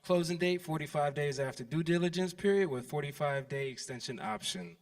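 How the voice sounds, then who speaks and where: A man introducing himself and reading an offer letter aloud to a seminar audience in a steady, easygoing way. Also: fairly high pitch, a little fast. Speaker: seminar participant pitching an offer. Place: event stage before an audience. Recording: distant mic in a hall.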